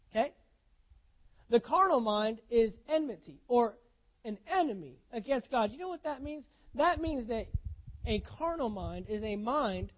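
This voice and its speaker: A pastor delivering a sermon with a middle-pitched voice, mixing folksy talk with fervent, punchy emphasis. The voice swings between loud declarations and hushed asides and keeps asking the crowd rhetorical questions. The recording sounds a bit dull and lo-fi. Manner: casual folksy phrasing.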